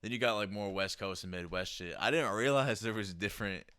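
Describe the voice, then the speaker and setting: A man from near Boston, his accent softened by the South, interviewing a guest in relaxed, slangy, profane chat. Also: on the low side, fairly quick, clear, resonant tone, dry recording, clean studio sound. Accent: Boston-area American softened by the South. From near Boston, USA. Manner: relaxed, slangy, swears often.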